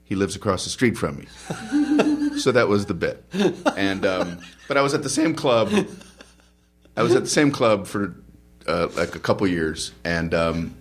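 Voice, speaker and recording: A middle-aged man, a stand-up comedian, chatting as a podcast guest and telling animated stories from his stage career. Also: low-pitched, normal speed, slightly rough. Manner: animated storyteller who acts out his old stage bits. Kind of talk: casual podcast chat.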